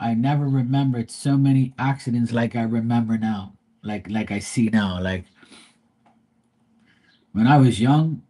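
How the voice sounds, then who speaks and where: A man's voice: medium pitch, darkish tone, slightly rough. A man, chatting casually on a live stream and ranting bluntly with plenty of cursing. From Bermuda. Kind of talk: casual chat.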